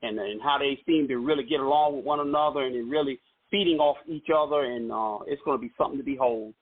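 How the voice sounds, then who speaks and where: A man's voice: medium pitch, fast, breathy edge. A man calling in to a sports talk show, confident and friendly, full of slang and laughs. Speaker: caller. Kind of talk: casual sports call-in. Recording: phone-like line.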